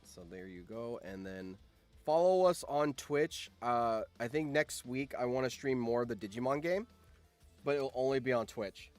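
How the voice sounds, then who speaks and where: A man hosting a channel, giving casual reaction commentary on a game simulation, swinging from low muttering to excited shouts. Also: moderate pace, no echo, soft background music. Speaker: channel host and streamer.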